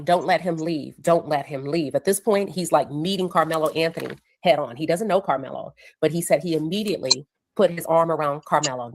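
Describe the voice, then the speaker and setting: Low-voiced woman recapping a trial. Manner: acts out quoted witnesses with raised voice. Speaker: courtroom reporter.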